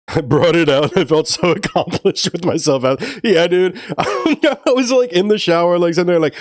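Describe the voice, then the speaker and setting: A man's voice: high-pitched, animated, moderate pace, no echo, clean studio sound. A man from New Orleans chatting casually on a stream, rambling and laughing often as he tells stories. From New Orleans, Louisiana. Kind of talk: casual chat.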